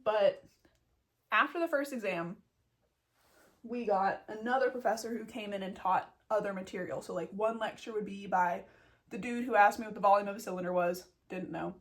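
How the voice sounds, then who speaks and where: A young adult woman with a mid-range voice talks at a normal speed, telling a story about life as a vet student in a casual vlog. She's blunt and self-mocking, and she swears constantly.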